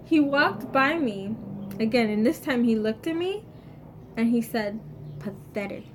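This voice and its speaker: A woman vlogger telling a personal story in a casual storytime vlog, animated and swinging between hushed asides and loud exclamations. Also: fairly high pitch, unhurried, a little hiss or hum.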